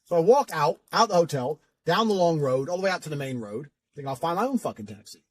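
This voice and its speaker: Lively, profane male storyteller. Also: fairly high pitch, fast talker, no room sound. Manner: profane, boastful. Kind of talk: casual storytelling.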